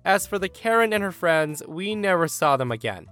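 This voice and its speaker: Animated man narrating a story. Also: high-pitched, normal speed, faint music behind. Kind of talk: reading an online story aloud.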